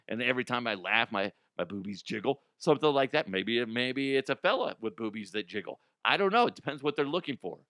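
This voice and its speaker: A man's voice: medium pitch, expressive, fairly quick, hardly any pauses, sharp tone, no room sound, studio quality. A man hosting a comedy news show, rambling and profane, often dropping into silly put-on voices.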